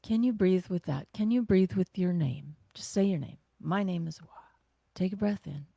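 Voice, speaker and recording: A woman teaching a guided self-care breathing class, talking gently and conversationally with sighs and slow exhales. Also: on the low side, expressive, vocal fry, dry recording, studio quality.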